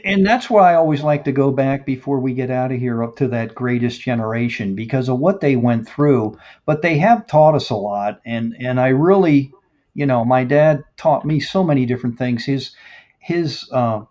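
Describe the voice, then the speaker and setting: A man's voice: mid-range voice, darkish tone. A man hosting a casual live-stream interview, chatting and laughing as he reads viewer comments aloud. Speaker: host. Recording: dull lo-fi stream audio.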